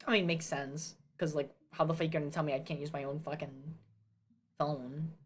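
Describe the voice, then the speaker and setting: A woman's voice: low voice, fairly even intonation, moderate pace, slight background noise. A young woman from New Jersey chatting casually as a streamer, ranting and swearing with self-mocking asides. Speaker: VTuber streamer.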